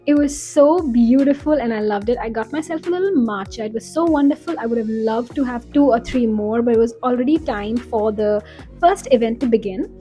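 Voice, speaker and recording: A woman's voice: fairly high pitch, fairly quick, warm tone, soft background music. A woman narrating her day in a casual, enthusiastic vlog voice-over. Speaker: vlogger.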